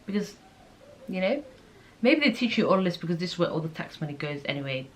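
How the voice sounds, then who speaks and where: A woman's voice: on the low side, big pitch swings, a little fast. Chatty, incredulous woman vlogger. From Netherlands. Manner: chatty and incredulous, thinks aloud and reads questions out. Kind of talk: casual chat while taking an online quiz.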